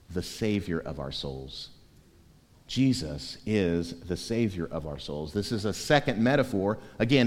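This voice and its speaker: Animated preacher in an echoing church. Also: male voice, deep voice. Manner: animated, swinging from soft to loud. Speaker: pastor. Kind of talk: sermon. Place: church sanctuary. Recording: reverberant church hall.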